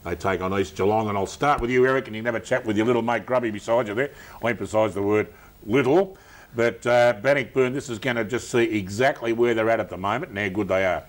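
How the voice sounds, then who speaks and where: Low-voiced, fast-talking Australian host. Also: male voice. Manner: brisk, chatty presenter. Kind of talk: local sports TV panel show.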